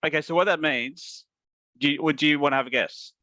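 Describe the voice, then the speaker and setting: A man's voice: on the high side, fairly quick, bright, forceful tone, no room sound. A man with an Australian accent, co-hosting a casual podcast and asking the questions over a video call. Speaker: podcast co-host.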